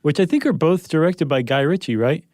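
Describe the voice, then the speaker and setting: A man's voice: fairly high pitch, lively intonation, a little fast, a little mellow, no echo. A man co-hosting a podcast, chatting casually and joking around with his co-host. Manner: chatty, joking, laughs often. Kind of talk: casual chat. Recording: dry close studio sound.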